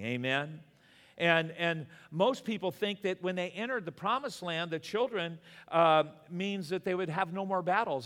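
A man's voice: sits high, moderate pace, fairly bright tone, long reverb tail. A man pastor preaching a sermon in earnest, repeating words for emphasis.

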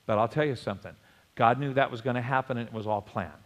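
A male pastor preaching a sermon in a church, with lively bursts and chuckles. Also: medium pitch, quick pace, in a large hall. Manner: animated preaching with sudden loud bursts and chuckles.

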